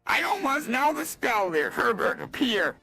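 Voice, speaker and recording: A text-to-speech voice playing a dim, earnest teenage boy from a cartoon, with a flat synthetic delivery. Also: very high voice, a little slow, faint music behind, exaggerated voice. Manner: flat synthetic voice, stumbling over words.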